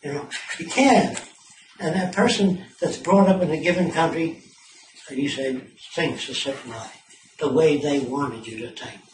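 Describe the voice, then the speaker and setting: A man's voice: fairly high pitch, a little slow, a little mellow. A man giving an informal talk to a small group of visitors, blunt and profane, telling stories with asides. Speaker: speaker addressing visitors. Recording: echoey room, mic far off, clear background noise.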